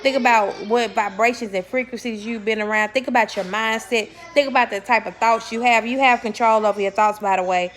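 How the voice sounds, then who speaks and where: A woman's voice: a little high, fairly even intonation, a little fast, hardly any pauses, faint music behind. Blunt, swearing young woman vlogger. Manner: blunt, swears freely, repeats words for emphasis; laughs while talking, self-correcting. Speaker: spiritual vlogger. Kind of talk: casual spiritual talk to camera.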